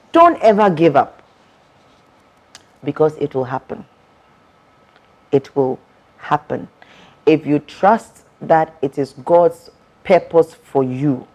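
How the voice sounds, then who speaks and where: Low-voiced woman preaching. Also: a little mellow. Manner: emphatic, preacherly, repeats words for effect. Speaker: author and guest. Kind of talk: testimony in an interview.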